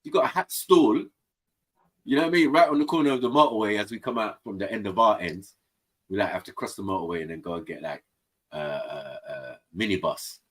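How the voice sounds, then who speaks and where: Husky and lowish in tone, a man from England speaks a little fast as a panel stream guest. In casual conversation he tells lively stories, performing the voices of the characters.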